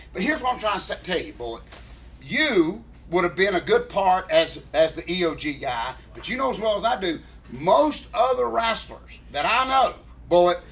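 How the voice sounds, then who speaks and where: Earnest man, higher-pitched. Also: fairly bright tone. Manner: earnest, emotional, keeps addressing co-host by name. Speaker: podcast co-host. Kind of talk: rambling casual storytelling.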